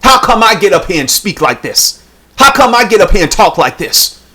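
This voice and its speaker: A woman's voice: mid-range voice, very animated, normal speed, bright, forceful tone, slight background noise. A woman YouTube commentator talking straight to her viewers, with the emphatic cadence of a sermon and lots of repeated phrases. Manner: casual, colloquial address to viewers. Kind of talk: preachy social commentary.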